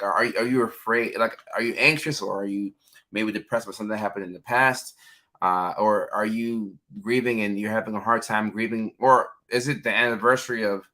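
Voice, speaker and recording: A man hosts a casual livestream in a bright, forceful voice that sits a little low. He talks loosely and warmly to his viewers, stumbling through fillers and calling out their names. The delivery is informal and conversational. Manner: chatty, reads viewer names aloud, many fillers. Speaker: livestream host, mental health clinician.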